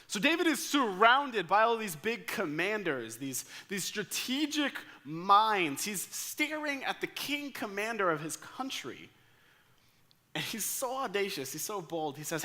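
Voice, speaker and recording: An American man preaching a sermon, telling a story with lively acted-out quotes. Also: high voice, unhurried. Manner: energetic storyteller acting out quoted lines. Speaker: pastor.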